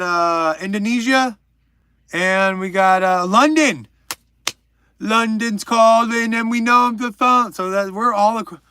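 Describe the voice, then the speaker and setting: A man's voice: high-pitched, sharp tone, smooth, dry recording. A young man hosting a livestream, chatting casually and joking while reading out viewers' names. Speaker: livestream host.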